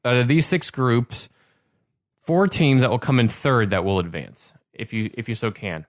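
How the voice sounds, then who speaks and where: A man's voice: mid-range voice, big pitch swings, moderate pace, no echo, studio quality. A man hosting a casual sports podcast, loose and joking, with many restarts. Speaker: podcast host. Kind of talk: casual chat.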